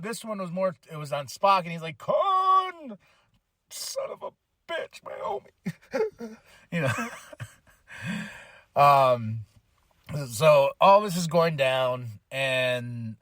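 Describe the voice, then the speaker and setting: In a casual movie review recap, this male podcast host runs through a film plot loosely, with slang and lots of fillers. His voice is a little high and fairly bright, delivered a little slowly, in studio quality with no echo.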